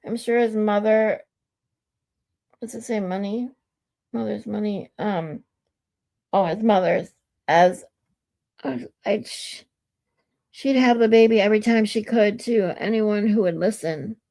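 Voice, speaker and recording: A woman's voice: mid-range voice, a little slow, vocal fry, pauses often, warm tone. A woman hosting a casual live stream, talking bluntly and swearing freely, often restarting her sentences as she reads text messages aloud to her chat. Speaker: livestream host.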